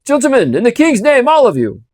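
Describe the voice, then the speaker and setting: A man voicing a gruff, wary armed coach guard who barks loud challenges into the dark. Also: extremely high pitch, huge pitch swings, a little fast, dry recording, studio quality, voice pushed up, full character voice. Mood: shouting.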